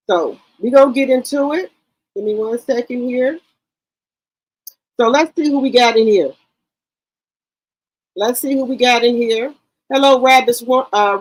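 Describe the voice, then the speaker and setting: A woman hosts a casual livestream and talks straight to her chat. Her voice sits a little high, and she is brash and loose-mouthed, swearing as she goes. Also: rough recording. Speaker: livestream commentary host.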